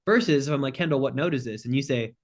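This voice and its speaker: A man's voice: medium pitch, fast. A man who is a sales closing expert, chatting as a podcast guest, direct and joking, acting out short phone exchanges as he talks. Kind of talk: casual podcast chat.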